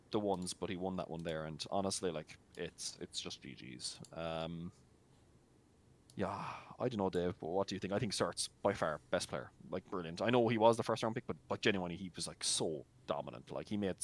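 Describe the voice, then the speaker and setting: A man's voice: sits low, normal speed. A man co-casting a match, giving blunt, teasing post-match commentary with lots of fillers. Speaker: esports co-caster and league admin.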